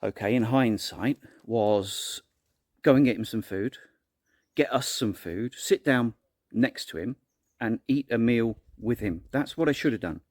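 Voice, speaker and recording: This is a man speaking straight to his audience in an earnest, encouraging vlog. He rambles as he goes, doubling back and restarting his sentences. His voice sits at an everyday middle pitch. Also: a little slow, darkish tone, dry recording. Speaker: vlogger. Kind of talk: casual motivational monologue.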